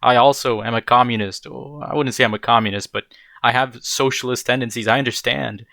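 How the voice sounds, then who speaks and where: A man's voice: medium pitch, fairly even intonation, fairly quick, creaky, sharp tone, dry recording. A young man giving casual, blunt commentary while reacting to a video, rambling and dropping bro and dude.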